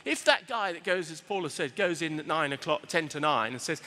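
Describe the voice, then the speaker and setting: A man giving a lively seminar talk to an audience, animated and acting out the voices he quotes. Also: on the high side, a little fast, few pauses, long reverb tail. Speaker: retail speaker.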